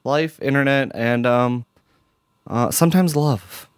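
A young man co-hosting a casual podcast, playful and giggly, often breaking into squeaky joke voices. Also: slow, clear, resonant tone, dry recording, studio quality. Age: young adult. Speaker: podcast co-host.

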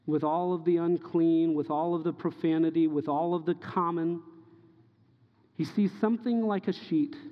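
A man preaching a sermon, his voice a bit high for a man. He acts out the lines he quotes, rising loud and dropping to near hushes, and the long reverb of a hall trails after his words on a dull-sounding recording. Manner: impassioned preaching, acting out quoted dialogue, swinging loud and soft. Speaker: pastor.

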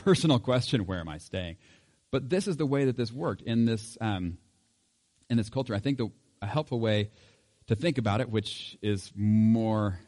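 A man's voice: on the low side, a little mellow. A middle-aged man giving an informal Bible teaching in a conversational way, with chuckles and fillers.

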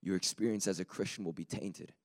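Raspy low-voiced male preacher. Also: brisk. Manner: lively and conversational, building to emphatic peaks. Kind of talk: sermon.

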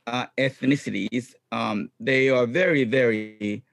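A middle-aged man, a guest chatting in an interview in upbeat, halting English full of ums. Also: mid-range voice, fairly even intonation, vocal fry, a bit bright, no echo. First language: Japanese. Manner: upbeat, frequent ums, non-native phrasing. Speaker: guest, clown comedian and actor. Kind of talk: casual interview chat.

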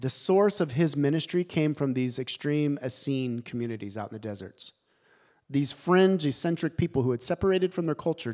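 A man preaching a sermon, animated and emphatic, telling the story with dramatic pauses. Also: fairly high pitch.

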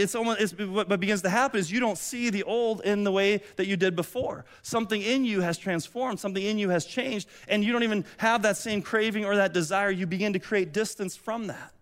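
A man's voice: high voice, fairly bright tone. A man pastor giving a sermon in a conversational, chatty way, with many asides and restarts.

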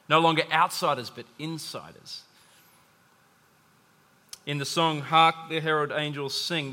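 A man's voice: mid-range voice, sharp tone. A man preaching a sermon to a congregation, conversational, with asides and humor. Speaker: pastor. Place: church hall. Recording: long hall reverb.

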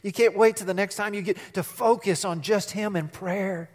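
A middle-aged man, a pastor, preaching a sermon in an animated way, acting out quotes and asking the congregation questions. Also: high voice, moderate pace, big-room sound.

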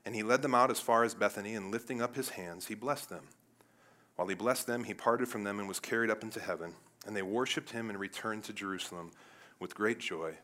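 A man preaching a sermon as pastor, talking straight to the congregation and swinging from loud emphatic peaks down to low, quiet stretches. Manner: animated, rises to loud emphatic peaks then drops low; addresses congregation directly with "guys" and "right?".

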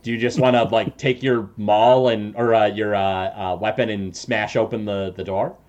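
A man's voice: fairly low pitch, steady tone, darkish tone, lo-fi sound. A man narrating a tabletop game as game master, with lots of fillers and restarts. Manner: halting, many fillers and restarts.

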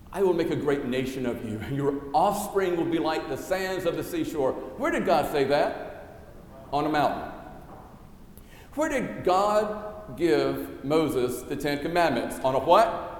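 A man pastor giving a sermon and reading scripture, measured and emphatic, asking rhetorical questions. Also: on the high side, roomy sound, big-room sound, a little hiss or hum, rough recording.

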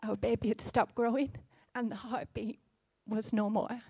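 A woman in her thirties delivers a sermon, earnest and gently conversational. Her voice sits a little high and is caught close with no room sound. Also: fairly even intonation, normal speed, gravelly, husky, no room sound. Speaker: preacher.

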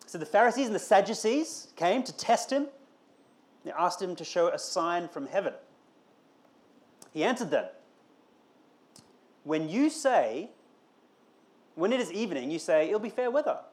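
A man's voice: sits high, very animated, normal speed, pauses often, a little mellow. A man preaching a conversational sermon, asking rhetorical questions and building to emphatic calls. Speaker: pastor.

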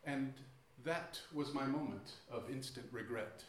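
A man spins a self-mocking tale to a live crowd, stumbling and restarting as he goes. His voice sits at a middling pitch and rings around a very echoey room. The mic is well away from him, with faint hiss behind. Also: unhurried, far from the mic. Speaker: storyteller. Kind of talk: live storytelling to an audience.

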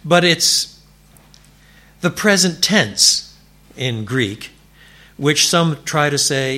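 A man preaching a sermon in a church, animated and building to emphatic declarations. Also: a little high, takes it slowly, pauses often. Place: church before a congregation.

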